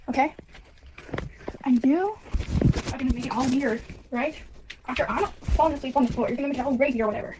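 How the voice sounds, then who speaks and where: A woman's voice: high-pitched, background noise. A woman ranting angrily and repetitively during a recorded phone call, confronting someone. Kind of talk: heated phone rant.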